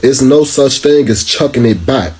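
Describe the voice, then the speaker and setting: A man's voice: mid-range voice, lively intonation, moderate pace, a crowd in the background. An American man reacting to video clips with sarcastic, slangy rebuttals. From United States. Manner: sarcastic, repeatedly addresses the clip, slangy.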